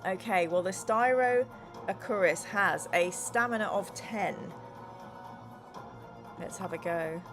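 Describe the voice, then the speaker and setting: A woman's voice: mid-range voice, slow pace, long pauses, over music. A woman hosting a casual gamebook playthrough, reading viewer comments aloud in a playful tone and narrating the story with dramatic flair. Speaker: host playing a gamebook. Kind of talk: casual game playthrough chat.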